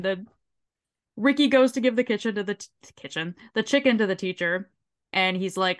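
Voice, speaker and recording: A woman's voice: medium pitch, moderate pace. Woman co-host recapping an episode. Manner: swearing, laughing, animated retelling. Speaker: podcast co-host.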